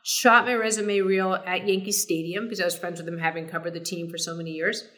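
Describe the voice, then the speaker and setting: This middle-aged woman, a sportscaster appearing as a guest, talks fast in a voice on the low side. She tells stories in a casual interview, animated and full of fillers and restarts.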